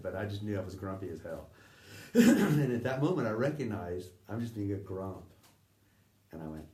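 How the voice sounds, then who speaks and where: A middle-aged man recounting memories in a halting, conversational way, often acting out the voices he quotes and sometimes dropping to a near whisper. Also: on the low side, expressive, warm tone. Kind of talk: conversational anecdote telling. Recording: distant roomy recording with faint ambience.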